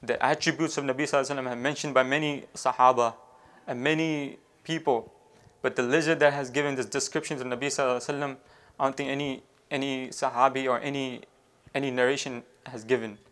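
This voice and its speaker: Halting male preacher telling a story. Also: medium pitch, steady tone, fairly bright tone. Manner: halting, with many fillers and restarts, weaving in devotional phrases. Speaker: Islamic preacher. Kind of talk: storytelling sermon.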